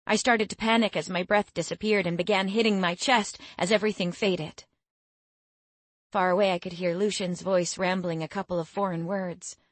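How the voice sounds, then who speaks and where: A woman narrating a first-person fantasy audiobook in a steady, reflective storytelling manner. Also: medium pitch, dry recording.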